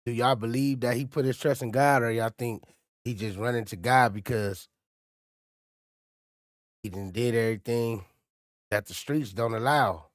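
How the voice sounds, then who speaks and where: A man's voice: mid-range voice, moderate pace, pauses often, no room sound, clean studio sound. Man hosting a casual reaction livestream. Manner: conversational, addresses chat directly. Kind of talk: casual live-stream commentary.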